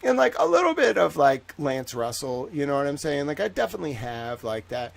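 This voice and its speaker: A man hosting a livestream in a rambling, jokey way, swinging between loud bursts and soft asides. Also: on the high side, very animated, fairly quick, vocal fry. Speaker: livestream host. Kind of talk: casual livestream chat.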